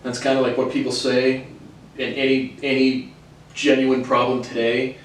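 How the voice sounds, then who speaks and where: A man's voice: medium pitch, flat delivery, moderate pace, slight background noise. A man hosting a lecture series, talking in a casual, rambling way with many fillers and frequent chuckles. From United States. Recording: very echoey room, far from mic.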